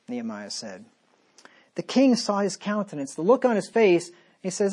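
A man's voice: huge pitch swings, normal speed. Sarcastic preaching man. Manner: sarcastic, swings between loud emphasis and low asides. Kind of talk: sermon.

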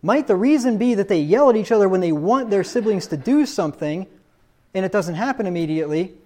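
A man's voice: high-pitched, animated, fairly quick, a little mellow. Emphatic male preacher. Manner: emphatic, many rhetorical questions and repetition. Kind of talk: sermon.

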